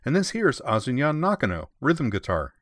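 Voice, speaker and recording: A man's voice: medium pitch, very animated, moderate pace, fairly bright tone, no echo, clean studio sound, pitched above the performer's own voice. A man voicing a cheerful, bossy teenage girl who leads a school band, speaking in a brash, teasing way. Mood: brash, upbeat.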